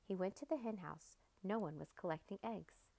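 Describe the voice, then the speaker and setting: Cheerful lady podcast host reading a kids story out loud. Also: medium pitch, normal speed, vocal fry. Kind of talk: children's story read-aloud.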